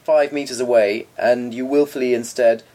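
A man's voice: medium pitch, steady tone, normal speed, warm tone. A man co-hosting a casual chat, talking in an articulate, pedantic, opinionated way. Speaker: podcast co-host.

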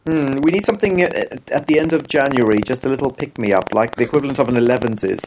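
A man co-hosting a podcast, chatting casually with dry, deadpan humor. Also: mid-range voice, fast talker, a little hiss or hum, low-quality recording. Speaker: podcast co-host. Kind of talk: casual chat.

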